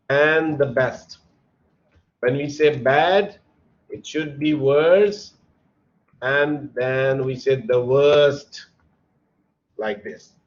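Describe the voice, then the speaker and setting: A man teaching an online grammar class, explaining patiently and spelling words out letter by letter. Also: medium pitch. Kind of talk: online English grammar lesson. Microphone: computer mic on a video call. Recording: dull lo-fi online call audio.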